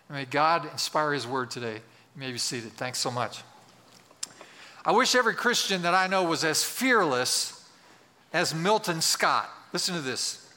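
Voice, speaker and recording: Male pastor, earnest sermon delivery, prompts call-and-response, bright tone, ringing church hall. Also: fairly high pitch, lively intonation, a little slow. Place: church sanctuary. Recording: church hall with long reverb.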